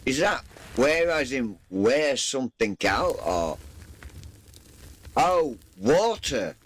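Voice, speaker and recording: A man streams a game and banters with his chat, teasing viewers and acting mock-offended. He talks at an unhurried pace, and his pitch swings widely from line to line. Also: very animated, fairly bright tone. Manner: joking, teasing, mock-indignant.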